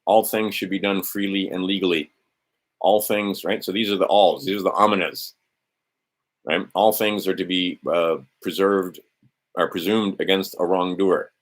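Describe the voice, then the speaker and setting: Scrolling through an on-screen document, this middle-aged host of a legal maxims stream talks in a low, steady voice, a little slow. It's casual screen-share talk, rambling and peppered with sardonic, profane asides.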